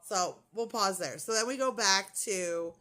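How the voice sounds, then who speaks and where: A woman's voice: mid-range voice, a little slow, bright, forceful tone. A middle-aged woman vlogger telling a story in casual chat, indignant and chatty, quoting what others said.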